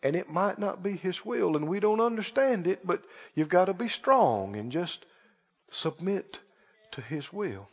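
A hushed, gently resigned preacher, mimicked by a man in mid-sermon. The voice is soft and soothing. It sits deeper than his usual high voice and carries a long church reverb on a dull, lo-fi recording. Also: expressive, measured pace, slightly rough, full character voice. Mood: hushed pious.

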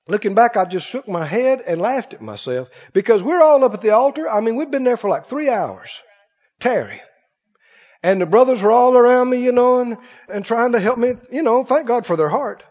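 A man preaching a sermon, telling a story from his own life in an animated way and laughing as he tells it. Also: extremely high pitch. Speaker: pastor. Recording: dull sound with long hall reverb.

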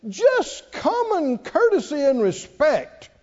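A preacher delivering a dramatic call-and-response sermon in a church. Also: male voice, very high-pitched, wildly swooping pitch, slow, a little mellow, long reverb tail, lo-fi sound.

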